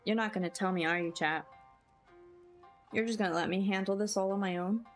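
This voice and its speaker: A woman's voice: mid-range voice, fairly quick. A woman streaming a story game, chatting and giggling with her chat as she plays. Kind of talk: casual game commentary. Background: game music.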